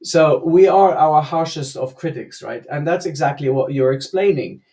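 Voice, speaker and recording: A man co-hosting a casual discussion on a video call, easygoing, with frequent fillers and quick laughs. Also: a little high, mellow. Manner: easygoing, laughs easily, many fillers and restarts. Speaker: co-host and coach.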